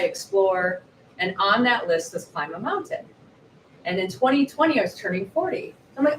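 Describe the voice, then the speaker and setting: Animated woman telling stories, roomy bookshop. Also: on the low side. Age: 40s. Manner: lively, animated storyteller acting out quotes. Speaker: author guest. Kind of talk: storytelling at a live book event. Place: bookshop event space. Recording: roomy echo, distant mic, faint noise.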